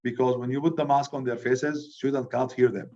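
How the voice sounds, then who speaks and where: Loud animated male teacher, dull recording. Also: medium pitch, brisk. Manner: loud, animated, repeats "good" as a check-in. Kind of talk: classroom lecture.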